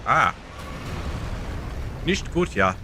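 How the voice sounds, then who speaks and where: This is a comic, exaggerated German man with a mock accent, blunt and clipped, barking short loud remarks, as a man puts him on. His voice sits mid-pitched and slow over steady background noise. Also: full character voice.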